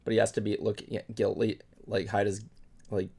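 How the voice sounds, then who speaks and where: A man's voice: fairly low pitch, little pitch movement, normal speed, vocal fry, warm tone. Chatty man hosting a nerdy podcast. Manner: chatty, many ums and restarts. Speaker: podcast host. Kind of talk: casual chat.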